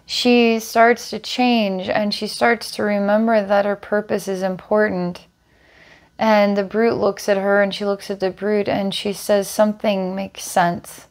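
A woman working as a psychic healer, calmly describing visions during a guided healing session. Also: mid-range voice, measured pace. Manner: calm, descriptive, storytelling visions.

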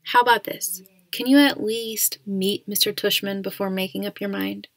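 Casting: female narrator as a patient mom gently persuading her son. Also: mid-range voice, steady tone, moderate pace, gravelly, no room sound, natural voice. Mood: coaxing.

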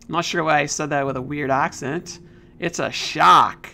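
A let's-play gamer with a mid-range, sharp voice and fairly even intonation takes his time while playing a puzzle game. He comments playfully and chats to the on-screen characters as faint game music plays behind him.

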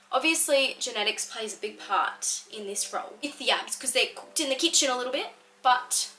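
A young Australian woman, a fitness content creator, answers viewer questions in a casual vlog. Her mid-range voice sounds pushed and bright, and she's chatty, packing her speech with "like". The audio quality is poor.

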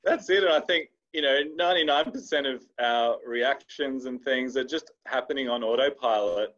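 Podcast host, man, mid-pitched, muffled lo-fi line, reflective. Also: moderate pace, a bit bright. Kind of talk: casual podcast conversation.

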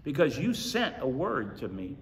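A man's voice: medium pitch, wildly swooping pitch, normal speed. A male pastor preaching a folksy, storytelling sermon full of emphatic repetition to his congregation. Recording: reverberant hall.

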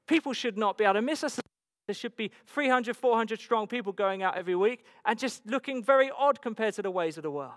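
A man's voice: very high voice, fairly bright tone. A man preaching a sermon as pastor, emphatic and repetitive, full of rhetorical questions. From England. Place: church hall. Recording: long hall reverb.

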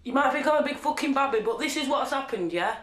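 A woman's voice: sits high, expressive, quick pace, fairly bright tone. A young woman filming her own video diary, blunt, sweary and agitated, talking into a handheld camera she holds herself. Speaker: documentary subject. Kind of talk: self-filmed video diary. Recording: echoey handheld camera sound.

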